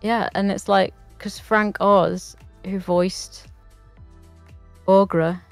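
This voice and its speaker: A woman chatting on a movie podcast with a gravelly, fry-laden voice, rough from being sick. She talks loosely, swears freely and laughs a lot, recorded dry and close with faint music underneath. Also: mid-range voice, steady tone, drawn-out words, dry recording. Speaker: podcast co-host. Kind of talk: casual movie podcast chat.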